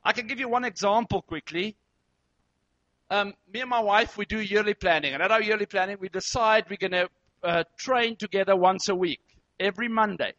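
A man, a therapist, telling a story to an audience in an animated way, acting out dialogue and sound effects. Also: high voice, no room sound, muffled recording. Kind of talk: storytelling talk.

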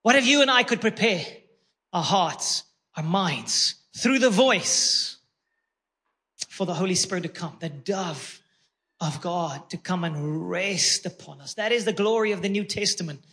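A man's voice: high voice, a little slow, bright, forceful tone. A man preaching a sermon with emphatic, repeated phrases and words he stretches out for weight. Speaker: pastor.

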